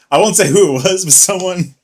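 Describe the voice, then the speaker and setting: A young man co-hosting a casual chat, swearing and laughing as he retells stories with animated quoted lines, tipsy from beer. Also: high-pitched. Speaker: podcast co-host.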